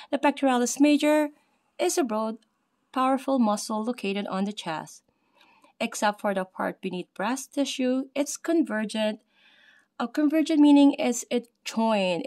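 A woman presents an anatomy lesson over slides, reading her notes aloud with many fillers and slowing down to spell out terms. Her voice is a little high and a little mellow.

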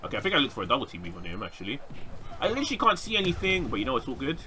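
A young man giving casual, excitable gameplay commentary, often shouting at opponents. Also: medium pitch, racing, a little hiss or hum. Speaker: gaming YouTuber.

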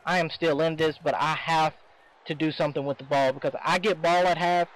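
Animated swearing man narrating gameplay. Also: on the high side, brisk, rough recording. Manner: animated, swearing, swings from excited to exasperated. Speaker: gameplay commentator. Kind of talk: video game commentary.

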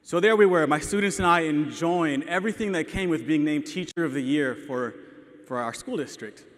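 A young teacher from El Paso, Texas gives an earnest, emotional keynote before an audience in a large hall, telling personal stories laced with self-deprecating humor. His voice is fairly high and moves at a moderate pace. Long hall reverb colors the recording.

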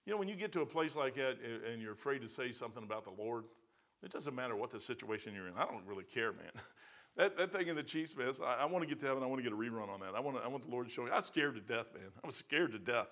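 A man's voice: mid-range voice, expressive, very fast, fairly bright tone. A male pastor with a Midwestern American accent, preaching a verse-by-verse sermon in a folksy, emphatic way with colloquial phrasing. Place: church sanctuary.

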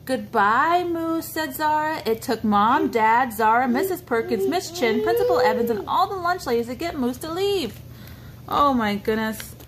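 A woman's voice: high voice, lively intonation, a little slow. A woman reading a picture book aloud to a small child, coaxing and pointing things out with questions. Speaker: storybook reader for a child.

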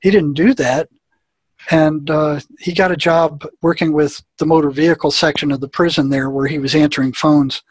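A man's voice: fairly high pitch, steady tone, normal speed, husky, dry recording. A man, a former prison therapist, telling an anecdote in conversation and acting out the dialogue in a plain-spoken way.

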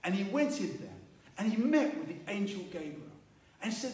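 Male preacher, slightly high voice, animated sermon delivery, roomy distant sound. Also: moderate pace. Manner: animated storytelling, acting out biblical voices. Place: church. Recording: echoey room, mic at a distance.

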